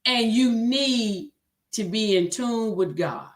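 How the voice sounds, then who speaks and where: Southern woman host, high-pitched, exhorting sermon-style talk. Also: slow pace. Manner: exhorting, repeats "come on", reads viewer comments aloud. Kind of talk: livestream talk to choir directors, preaching tone.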